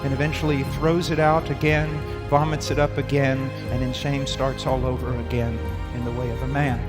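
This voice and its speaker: A man preaching a sermon with dramatic swings from loud outbursts to hushed tones. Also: mid-range voice, little pitch movement, fairly quick. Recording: long reverb in a hall, faint music.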